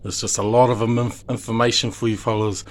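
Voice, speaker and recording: New Zealand dad, mid-pitched, emotional and rambling plea to camera, heavy swearing. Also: male voice, little pitch movement, brisk. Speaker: father; video maker. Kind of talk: impassioned direct-to-camera monologue.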